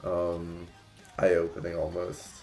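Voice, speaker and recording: A man's voice: low voice, completely flat delivery, slow, a little mellow, echoey room, soft background music. A man in his twenties telling rambling stories on a casual livestream, full of fillers and restarts. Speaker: streamer.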